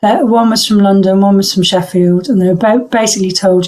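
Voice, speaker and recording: Middle-aged woman, voice coach, reflective interview talk, measured, mid-range pitch. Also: fairly even intonation, darkish tone, rough recording. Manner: thoughtful, searching for words with pauses and restarts. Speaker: voice coach guest.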